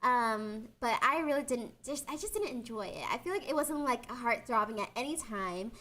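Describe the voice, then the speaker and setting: High, lively woman on a podcast. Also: normal speed. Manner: animated, acts out scenes in exaggerated voices. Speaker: podcast co-host. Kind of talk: casual anime podcast chat.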